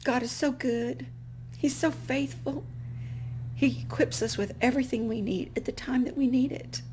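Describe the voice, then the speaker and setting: A middle-aged woman hosting a vlog, telling a personal faith story and acting out the dialogue, her voice swinging from hushed to loud and excited. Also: high voice, moderate pace, slight background noise. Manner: animated, gets loud and excited retelling dialogue. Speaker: vlog host.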